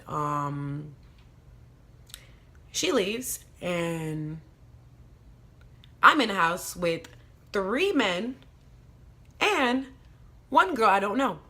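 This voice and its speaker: A woman's voice: on the low side, pushed and bright. A young woman vlogger telling a personal story in a candid, blunt way, swearing often and using plenty of fillers. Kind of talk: casual storytime monologue.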